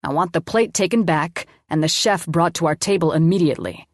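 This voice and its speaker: A woman's voice: fairly low pitch, fairly quick, no room sound, studio quality, lightly acted. A woman narrator voicing a wealthy businessman who speaks with clipped, aggressive authority. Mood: commanding. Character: commanding rich businessman, used to being obeyed.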